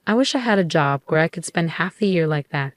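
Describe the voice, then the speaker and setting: A woman's voice: fairly low pitch, animated, a little fast, dry recording, clean studio sound, natural voice. A woman voicing a young husband who is cold, curt and sarcastic, in a narrated story. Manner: cold and dismissive.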